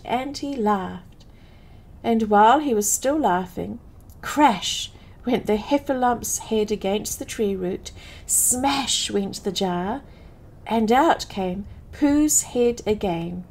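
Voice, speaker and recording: Slow soothing woman reading a bedtime story. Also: medium pitch, a little mellow, rough recording. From England.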